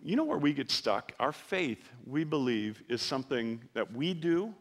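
A man's voice: medium pitch, big pitch swings, normal speed. A male pastor preaching a sermon in a conversational, joking way, acting out quotes during a church service.

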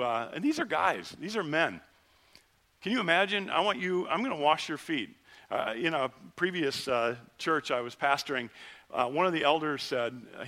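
Middle-aged pastor guy preaching, kinda high voice, bright and forceful, chatty sermon. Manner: conversational preaching, animated rises and drops.

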